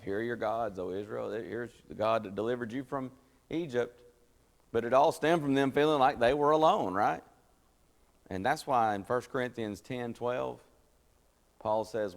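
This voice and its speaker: A man leading a Bible study in a conversational teaching style, explaining scripture and acting out the quotes. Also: moderate pace. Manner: folksy, explanatory, acts out scripture quotes with rising pitch. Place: church meeting room. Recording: church hall with long reverb.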